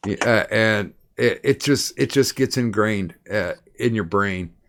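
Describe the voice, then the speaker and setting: A man's voice: on the low side, a little slow, a bit bright. A man hosting a livestream in casual chat, rambling and repeating words as he starts his sentences, over an online voice chat. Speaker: livestream host.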